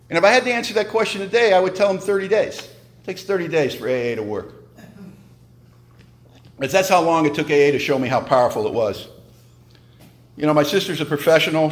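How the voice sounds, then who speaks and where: At a recovery meeting, a man with a voice on the high side shares a humorous, emphatic personal testimony. He tells it conversationally, like a story.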